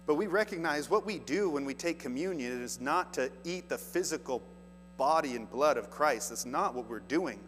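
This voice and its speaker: A man's voice: fairly high pitch, lively intonation, moderate pace, fairly bright tone. Man preaching in a reverberant church. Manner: earnest preaching, reads scripture aloud with rising emphasis. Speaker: pastor. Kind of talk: sermon. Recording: long hall reverb, faint music and mains hum.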